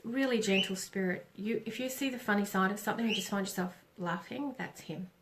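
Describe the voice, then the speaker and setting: A middle-aged woman doing a live oracle reading, speaking gently with pauses and self-corrections. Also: mid-range voice, background noise. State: tearful. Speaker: psychic reader on a live stream.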